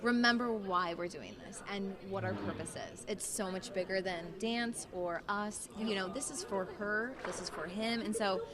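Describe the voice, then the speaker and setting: A young woman, a professional dancer, telling an animated story as an interview guest, laughing as she talks. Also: mid-range voice, moderate pace, few pauses. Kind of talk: excited storytelling. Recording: clear crowd chatter behind.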